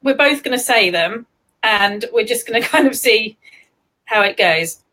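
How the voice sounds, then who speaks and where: An English woman hosting a casual live chat, chatty and quick to giggle. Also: on the high side, expressive, pushed and bright, low-quality recording. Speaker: host.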